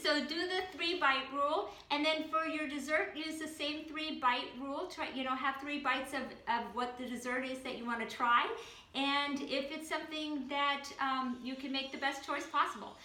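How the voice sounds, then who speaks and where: A woman from the Boston area hosting a casual cooking demo and giving relaxed healthy-eating advice with frequent ums. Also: high-pitched, moderate pace, reverberant. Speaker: health program host.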